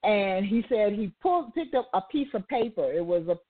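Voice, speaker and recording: A woman's voice: medium pitch, expressive, moderate pace. A woman hosting a talk radio show, retelling a story with asides and turning it into a faith-based lesson. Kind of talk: motivational talk radio monologue. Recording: tinny phone-like line.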